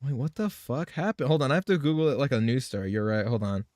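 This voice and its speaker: A man's voice: mid-range voice, expressive, fast, darkish tone, no echo, studio quality. A man live streaming a game, chatting casually in a loose, rambling way, swearing and laughing often.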